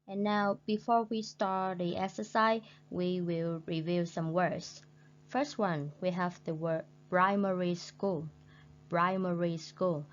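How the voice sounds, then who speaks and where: A woman English teacher with a Vietnamese accent, leading a recorded lesson slowly and repeating words for her learners. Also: lowish voice. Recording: dull lo-fi recording with faint hum.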